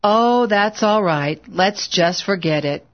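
A woman's voice: medium pitch, expressive, slow, muffled recording. A woman reading as an earnest young preacher. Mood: resigned. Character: earnest young preacher, humble, mild-mannered man.

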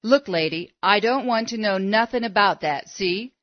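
A woman reading aloud as a curt young male game warden in a storybook, gruff and defensive, with short rustic replies. The recording is dry and a little dull and lo-fi. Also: high-pitched, moderate pace, dry recording, natural voice.

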